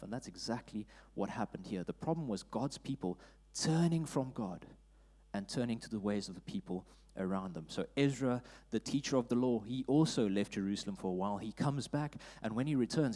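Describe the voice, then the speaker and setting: A man with a South African accent preaching a sermon in church, reading scripture and rising loud for emphasis. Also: fairly low pitch. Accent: South African English. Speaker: pastor. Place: church auditorium.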